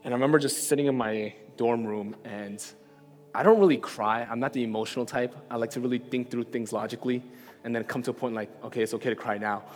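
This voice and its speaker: A man's voice: medium pitch, quick pace. A man giving a sermon, telling a personal story in a casual, conversational way and often checking in with "right?". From New York. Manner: conversational, self-deprecating storytelling with frequent "right?". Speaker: preacher. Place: church hall. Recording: reverberant hall with soft music.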